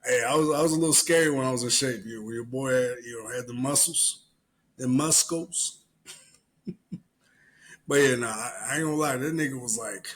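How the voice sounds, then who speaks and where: A man hosting a solo podcast at a middle pitch for a man. He tells loose, profane stories with plenty of energy and slips into the other people's lines as he goes. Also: moderate pace, pauses often, low-quality recording. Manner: profane, animated storyteller who acts out other people's lines. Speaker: podcast host. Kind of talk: solo podcast commentary and storytelling.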